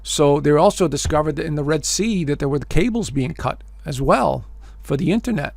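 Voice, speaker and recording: A gravelly-voiced man, pitched a touch high, talks straight to his audience in a casual, emphatic commentary, calling them folks and leaning on fillers and repeated phrases. The sound is dry and close, with no room around it. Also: animated, normal speed, a little mellow, no echo. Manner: emphatic, addresses listeners as folks. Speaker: astrologer hosting his own video show.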